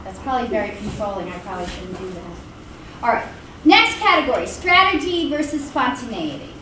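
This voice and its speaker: A high-pitched woman gives an animated college lecture, slipping into quoted voices and laughing along the way. She is recorded from across a very echoey hall. A steady room noise sits under her voice. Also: a little fast, recorded from a distance. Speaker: college instructor. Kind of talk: classroom lecture. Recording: echoey classroom recorded from afar.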